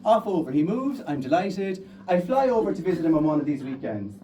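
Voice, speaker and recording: A young Irish man with a Kerry accent tells a true comic story on stage in a lively, animated way. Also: fairly high pitch, fairly quick, recorded from a distance, a little hiss or hum, poor audio. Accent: Irish, County Kerry. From Ireland. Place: storytelling stage before an audience.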